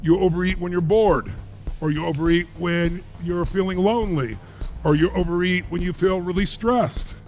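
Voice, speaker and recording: A man's voice: sits high, fairly even intonation, normal speed, a little mellow, faint music behind. A man giving a live seminar speech as a motivational speaker, emphatic and firing rhetorical questions at the crowd.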